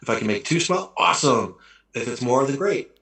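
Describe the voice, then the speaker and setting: A man's voice: medium pitch, animated, brisk, vocal fry, a bit bright. A man speaks in a mid-range voice, reflective and a little rambling as he restarts his sentences. His voice rings in an echoey room. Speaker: actor guest. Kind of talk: casual chat.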